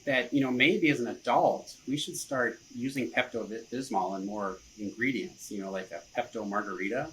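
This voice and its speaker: A man's voice: mid-range voice, normal speed, few pauses, a bit bright, a little hiss or hum, poor audio. A man, a marketing director, chatting casually as a podcast guest in an easygoing way, often chuckling and saying "you know". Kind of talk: casual interview chat.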